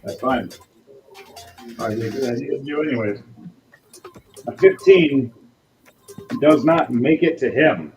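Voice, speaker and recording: A man running a tabletop game as game master, narrating scenes in a casual, lively way with asides. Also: mid-range voice, slow, pauses often, lo-fi sound, faint music behind.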